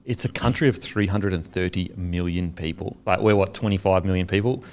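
A man's voice: sits low, brisk, darkish tone. An Australian man hosting a sports podcast in a studio, bantering loosely, swearing often and plugging sponsors. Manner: banter-heavy, swears freely, plugs sponsors. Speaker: podcast host. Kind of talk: casual sports podcast chat.

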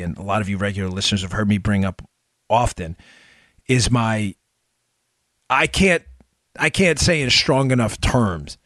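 A man hosting a political talk show, giving opinionated commentary full of sarcasm and mocking quotes, rising to loud outbursts and dropping to low asides. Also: no echo, clean studio sound.

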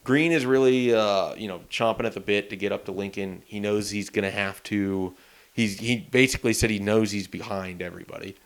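A man with a fairly low, smooth and clear voice, talking in a relaxed, rambling manner. He co-hosts a casual sports chat, recounting reporting trips and anecdotes at an easy pace. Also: fairly quick.

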